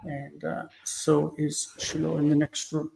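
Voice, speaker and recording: A man teaching a casual live Bible Hebrew lesson, thinking aloud with many fillers and reading verses slowly before explaining them. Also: on the high side, monotone, gravelly, a little mellow, slight background noise, low-quality recording.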